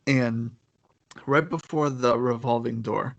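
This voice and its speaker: This young man has a gravelly, fry-edged voice and sits close to a dry, dead-sounding mic. He tells his story in loose casual chat, rambling and circling back with fillers and restarts. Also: mid-range voice, steady tone, slow, no room sound, lo-fi sound.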